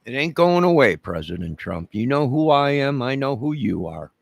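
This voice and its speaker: A man's voice: mid-range voice, sing-song, moderate pace, creaky, no echo. A man from Chicago in a rambling direct-to-camera rant, menacing and repetitive, leaning hard on his words for emphasis.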